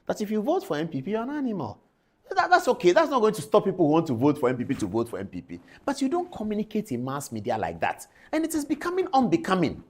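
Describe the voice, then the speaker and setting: A woman's voice: deep voice, a little mellow, breathy edge. A woman giving indignant political commentary, calling out people by name and repeating her points. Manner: indignant, addressing people directly.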